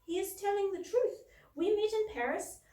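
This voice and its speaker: A woman's voice: very high voice, normal speed, dark tone, pitched above the performer's own voice. A woman reading aloud as a refined female ladybug in human form, speaking in an airy, dryly amused way. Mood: wry. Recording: roomy, distant mic.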